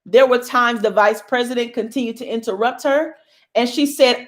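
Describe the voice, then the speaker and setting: A woman's voice: a little high, moderate pace. A young woman hosting a casual motivational talk to her viewers, emphatic and bold like a preacher. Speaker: host.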